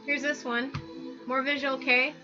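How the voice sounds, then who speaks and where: A woman hosting a casual commentary video, talking through pictures in an animated, exasperated rant full of "like". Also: high-pitched, unhurried. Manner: animated, exasperated ranting with frequent "like". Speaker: video host. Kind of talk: casual commentary over images. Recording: dull lo-fi sound with background music.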